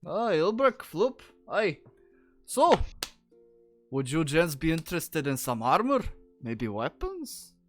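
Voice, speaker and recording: A man's voice: on the high side, sing-song, slow, long pauses, soft background music, voice pushed up, heavily acted. A man voicing a grumpy, foul-mouthed male dwarf blacksmith, in a tabletop game. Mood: welcoming. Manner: gruff, cursing, loud outbursts.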